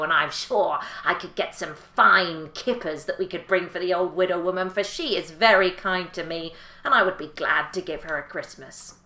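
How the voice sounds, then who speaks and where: Woman doing a low-voiced male tomcat. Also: sharp tone, echoey room. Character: sly, kind-hearted male tomcat.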